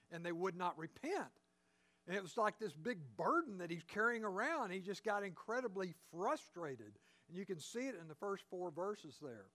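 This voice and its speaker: A man's voice: high voice, fairly bright tone. A man preaching a sermon, emphatic and driving his points home with repeated rhetorical questions.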